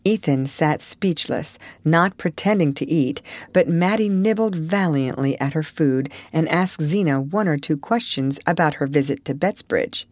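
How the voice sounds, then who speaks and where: A woman narrating an audiobook in a measured, expressive reading. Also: deep voice, no echo. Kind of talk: scripted narration.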